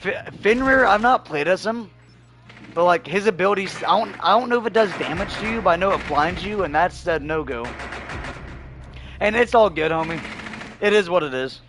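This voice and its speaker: A man streaming a video game, chatting casually and telling rambling stories, his voice going hoarse. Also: high voice, expressive, moderate pace, noisy background. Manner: loose rambling storytelling, laughs often, swears freely. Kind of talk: casual livestream chat while gaming.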